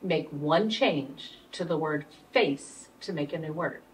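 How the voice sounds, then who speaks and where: A woman's voice: sits low, takes it slowly. Patient woman tutoring one-on-one, recorded from afar. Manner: patient, prompting step by step. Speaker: reading tutor. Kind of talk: one-on-one structured literacy lesson. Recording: faint room noise, mic at a distance.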